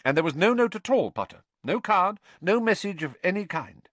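A man's voice: sits high, big pitch swings, moderate pace, fairly bright tone, no echo, voice pushed up, exaggerated voice. Man doing a stern, dry older woman teacher. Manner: dry, clipped, sarcastic.

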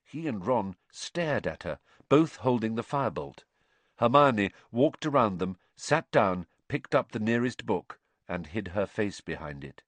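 A middle-aged man with a lowish voice reads an audiobook in a measured, expressive style. His intonation rises and falls widely, and the recording is dry and close. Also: no echo. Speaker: narrator. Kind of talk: audiobook narration.

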